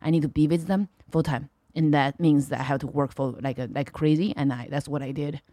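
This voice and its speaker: A woman's voice: deep voice, fairly even intonation, a little fast, warm tone, no room sound, clean studio sound. A middle-aged woman with a Chinese accent, speaking bluntly in broken English as a comedian guest on a podcast. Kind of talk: casual podcast chat.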